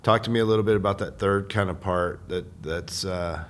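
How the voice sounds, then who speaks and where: A man with a deep, low voice hosts a casual interview. He is easygoing, prompting his guest with questions and short affirmations, with a faint hum of room noise behind him. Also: brisk. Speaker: interview host.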